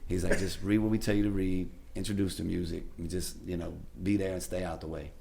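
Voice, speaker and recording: Deep-voiced, creaky radio DJ man. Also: fast. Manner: animated, acts out the people in his stories. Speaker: radio DJ, podcast guest. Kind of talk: casual storytelling.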